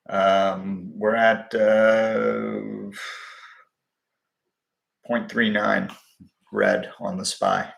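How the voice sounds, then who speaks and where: A man's voice: fairly low pitch, flat delivery, drawn-out words, creaky, pauses often, fairly bright tone, roomy sound. A man hosting a live stream, answering viewers' questions in a blunt, profane, wisecracking way. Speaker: livestream host answering viewer questions on stocks. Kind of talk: casual live-stream chat.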